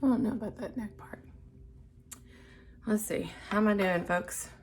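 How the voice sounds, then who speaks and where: A woman filming her first makeup tutorial, chatting casually and unsure of herself, dropping into soft murmurs while she concentrates on the brush work. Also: medium pitch, moderate pace, a little hiss or hum. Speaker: beginner makeup vlogger.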